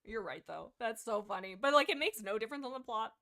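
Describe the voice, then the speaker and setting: A young woman talks through a book on her livestream in a loose, rambling way. She gets excitable, restarts her sentences often and fills gaps with lots of fillers. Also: on the high side, fast, vocal fry. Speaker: livestream host. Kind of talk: casual book discussion livestream.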